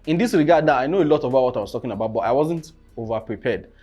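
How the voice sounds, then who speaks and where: A young man, coaching on presentations in a casual teaching talk. He keeps asking "you understand?" and breaks into sudden loud bursts. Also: medium pitch, animated, very fast, lo-fi sound, soft background music.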